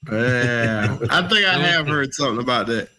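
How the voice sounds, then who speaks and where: A man's voice: medium pitch, lively intonation, normal speed, pushed and bright. A man co-hosting a comedy podcast, mostly reacting with short quips and laughter. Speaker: podcast co-host.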